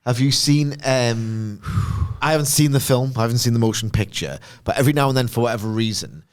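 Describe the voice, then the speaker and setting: A man's voice: medium pitch, brisk. A man co-hosting a podcast in casual chat, teasing and dry. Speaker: podcast co-host.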